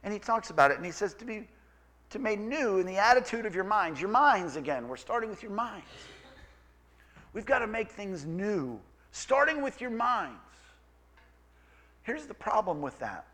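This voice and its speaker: A man preaching a sermon as pastor, conversational and emphatic, with quick asides. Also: sits high, very animated, bright, forceful tone.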